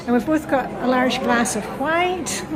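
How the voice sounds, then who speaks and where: A woman's voice: high-pitched, measured pace, crowd noise. A middle-aged Scottish woman chatting casually in a travel vlog, with lots of fillers and restarts as she talks to the camera. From Scotland. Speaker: vlogger. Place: restaurant and streets, indoors and out. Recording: noisy background.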